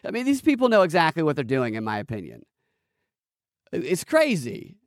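Male host, mocking and incredulous news commentary, slightly high pitch, dry recording. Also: wildly swooping pitch, normal speed, dry recording. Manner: sarcastic, incredulous, laughing asides. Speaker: podcast host.

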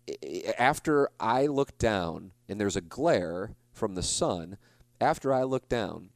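A man's voice: fairly low pitch, no room sound. Man in his forties telling a rambling story. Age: 40s. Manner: rambling storyteller, self-deprecating, frequent restarts. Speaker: podcast host. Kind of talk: casual monologue.

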